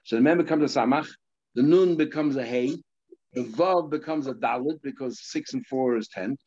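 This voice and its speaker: Give me a male rabbi teaching Talmud in a chatty explaining way, medium pitch, on dull lo-fi audio. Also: normal speed, a little mellow. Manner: conversational, explains terms step by step. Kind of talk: Talmud lesson.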